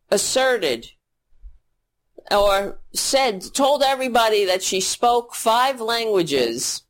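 A woman hosting a political commentary show, ranting in a sarcastic, profane, mocking way. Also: mid-range voice.

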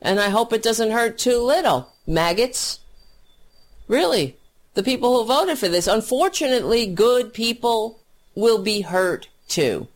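Slow-talking angry male commentator. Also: high voice, animated. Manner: angry, profane, mocking. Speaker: political commentator. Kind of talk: solo political rant.

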